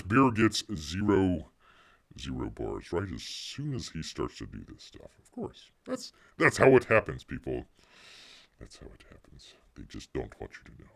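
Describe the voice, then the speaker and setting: Gravelly low-voiced sarcastic man. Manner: sarcastic, refers to himself in third person; rambling with many fillers and restarts. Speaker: livestream host. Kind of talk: casual livestream chat.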